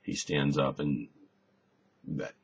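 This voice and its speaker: A man teaching a conversational Bible lesson, relaxed and thinking aloud, often repeating a word as he searches for the next one. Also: rumbling low, takes it slowly, gravelly. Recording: slightly dull recording with faint hiss.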